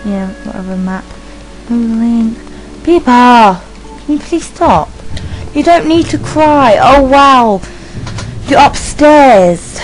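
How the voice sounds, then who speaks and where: A woman giving rambling casual commentary while playing a video game, chatting to her dog and reacting out loud. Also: a little high, slow, long pauses, soft background music, low-quality recording. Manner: excitable, yelps and squeals at the game. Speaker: let's play gamer.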